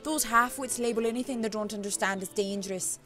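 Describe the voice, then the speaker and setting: A woman's voice: on the high side, fairly quick, fairly bright tone, faint music behind, close to an everyday voice. A woman voicing a self-assured wise-woman witch in a wavering put-on Scottish-Irish accent, reading a visual novel aloud. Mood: confident.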